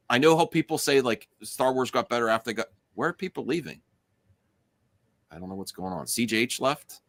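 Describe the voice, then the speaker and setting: Male stream host, bright tone, lively delivery, dry close mic, rambling casual chat. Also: medium pitch, no room sound. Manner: rambling, many fillers and restarts. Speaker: show host.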